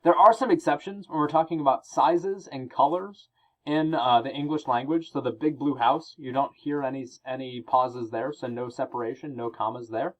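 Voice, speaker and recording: A man's voice: medium pitch, fairly even intonation, dull audio. Man teaching a grammar lesson. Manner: explanatory, reads example sentences aloud with pauses. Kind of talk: recorded classroom grammar lesson.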